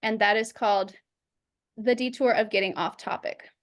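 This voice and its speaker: A woman teaching public speaking over a video call, lively and acting out examples in quoted voices. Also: on the high side, normal speed. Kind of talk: instructional talk.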